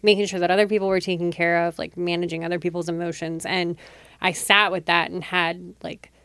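A woman in her thirties talks through a personal story on a podcast, her voice sitting on the low side. She rambles casually, leaning on "like" and breaking into laughs often. The sound is dry and close, with no room around it. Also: level tone, a little fast, a bit bright, smooth, no room sound. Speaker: podcast host. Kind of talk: casual chat.

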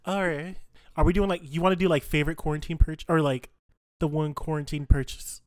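A woman's voice: sits low, steady tone, a little fast, a little mellow, dry recording. A woman on a tabletop role-play podcast, asking rambling, filler-heavy questions. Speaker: player. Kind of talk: casual podcast chat.

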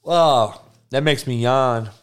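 A man's voice: mid-range voice, slow pace, clean tone. A man hosting a sports podcast, ranting bluntly and profanely while talking back to his live chat. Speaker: podcast host. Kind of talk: casual sports rant.

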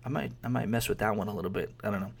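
A man's voice: on the low side, rapid-fire, creaky, breathy edge. A man hosting a podcast in casual chat, rambling with amused asides and often trailing off mid-thought. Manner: rambling, amused, laughs while talking, trails off. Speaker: podcast host.

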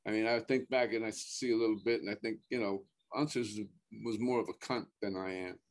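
A man's voice: lowish voice, fairly even intonation, a little fast. A man chatting casually as a guest actor, starting over and repeating words, swearing offhand. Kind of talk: casual podcast chat.

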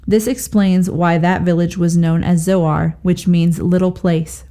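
A woman reading aloud from the Bible at a steady pace, lifting her voice for the quoted speakers. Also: a little slow, few pauses. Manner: steady, expressive reading, lifts pitch for quoted speech. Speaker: scripture reader.

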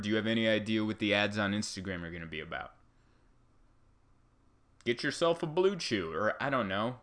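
A man talks on his own podcast, rambling from one sarcastic tangent to the next and poking fun at himself. His voice sits a little low but has a bright, forceful edge. It sounds like a casual home recording made in a living room. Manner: rambling, sarcastic, self-deprecating. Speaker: podcast host. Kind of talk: casual comedic monologue.

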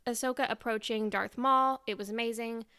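A bubbly young woman hosts a podcast, excitable and chatty. Her voice is bright, a little high and crisp. The sound is dry and close. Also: moderate pace, no echo. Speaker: podcast host. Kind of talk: casual chat.

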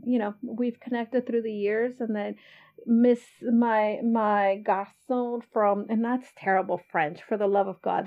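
Effusive female podcast host, higher voice, chatty casual interview delivery. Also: lo-fi sound. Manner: chatty, effusive, laughs easily.

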